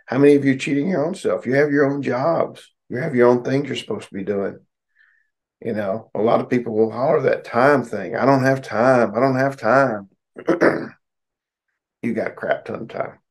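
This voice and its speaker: A man's voice: mid-range voice, normal speed, darkish tone. A middle-aged American man, a psychotherapist host, giving casual advice to his listeners in a folksy, joking way.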